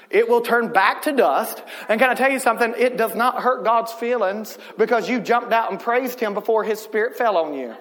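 A man with a high voice preaches with lively humor and keeps asking the congregation questions. His voice rings out in the long reverb of a large church hall. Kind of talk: sermon.

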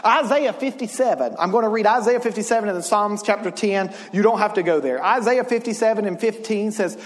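A man preaching a sermon as pastor in a church, in an impassioned style that builds to shouting. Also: sits high, brisk, hardly any pauses, long reverb tail.

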